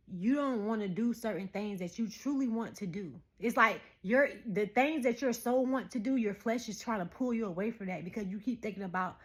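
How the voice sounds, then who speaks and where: Here a thirtysomething spiritual vlogger talks to her viewers in a medium-pitched voice. Her casual message comes across as animated and preachy, punctuated by frequent laughter.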